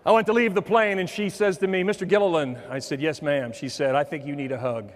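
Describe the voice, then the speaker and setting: A man giving a motivational keynote talk, telling a personal story with humor and dropping softer for quoted lines. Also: fairly high pitch, steady tone, quick pace, a little hiss or hum. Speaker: motivational speaker. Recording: long hall reverb.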